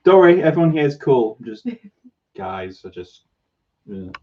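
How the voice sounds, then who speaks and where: A man's voice: mid-range voice, big pitch swings, normal speed, muffled recording. A man with a Newcastle Geordie accent hosting a casual livestream chat, stammering and restarting his sentences a lot. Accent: Northeast English, Newcastle. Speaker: host.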